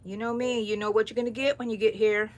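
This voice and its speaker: A woman's voice: a little high, little pitch movement, fast, darkish tone. A middle-aged woman hosting a crochet livestream from her home, rambling and greeting viewers by name. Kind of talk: chatty live-stream talk to viewers. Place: home room, overcast morning.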